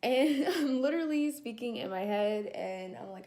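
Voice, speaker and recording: A young woman telling a personal story to camera in a casual vlog, animated and laughing as she acts out her own thoughts. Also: fairly high pitch, brisk, hardly any pauses. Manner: animated, laughing, acting out her inner dialogue. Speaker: vlogger.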